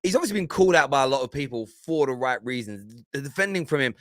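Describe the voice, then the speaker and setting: A man with a mid-range, expressive voice hosts a football reaction show at a quick pace, teasing and laughing as he talks over clips and often restarts his phrases. It's animated reaction commentary, recorded with clean studio sound and no echo.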